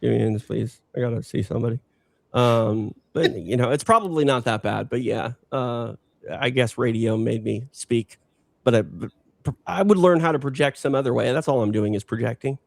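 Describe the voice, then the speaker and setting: A man with a slight Minnesota accent, a longtime combat sports announcer, chatting as a podcast guest in a low-key, unprojected everyday voice. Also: normal speed, gravelly, darkish tone, no echo. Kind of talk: casual interview chat.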